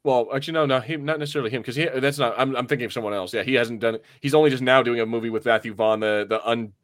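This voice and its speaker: An American man co-hosting a casual podcast, talking in loose rambling runs that keep doubling back on themselves. His voice sits at an ordinary pitch and sounds dry and close, with no room echo. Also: racing, fairly bright tone. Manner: rambling, self-correcting, laughs often. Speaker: podcast co-host. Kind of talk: casual chat.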